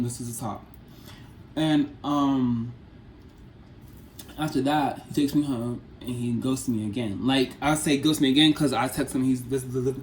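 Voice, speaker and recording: A man's voice: medium pitch, darkish tone. Young man, twenties, casual storytime vlog, rambling and repetitive, roomy echo, faint background hiss. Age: 20s. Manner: rambling, repeats phrases, filler-heavy. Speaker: vlogger. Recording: echoey room, faint background noise.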